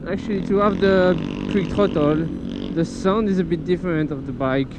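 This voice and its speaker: Loud traffic and engine noise fill the dull audio from a helmet-mounted action camera as a French motovlogger rides through the city. He speaks with a French accent, high-pitched and at normal speed, rambling casually, swearing freely and correcting himself.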